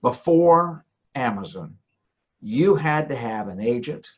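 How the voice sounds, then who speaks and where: A man's voice: medium pitch, expressive, slow pace, slightly rough, lo-fi sound. An older American man talking as a podcast guest in casual chat, laughing often and repeating words as he goes. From United States.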